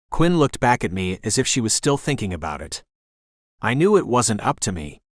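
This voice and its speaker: A man narrating an audiobook in the first person, in a steady, measured scripted reading on a close mic. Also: fairly low pitch, no room sound.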